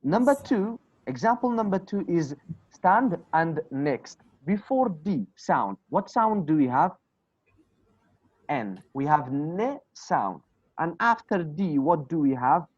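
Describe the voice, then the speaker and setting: A Kurdish-speaking man teaches an English class online, drilling words aloud and posing questions he then answers himself. His husky voice is a little high and slow, with big swings in pitch, heard through dull, dry, lo-fi video-call audio.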